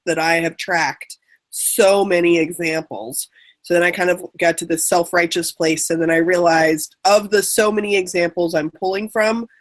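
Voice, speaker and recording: A woman's voice: lowish voice, fairly bright tone. A woman trainer on a panel, telling a candid, self-reflective personal story.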